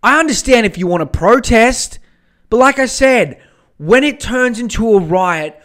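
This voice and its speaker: A young man hosts a solo podcast into a home mic, ranting bluntly with lots of swearing and rambling. His voice is very high and fairly bright, animated yet unhurried.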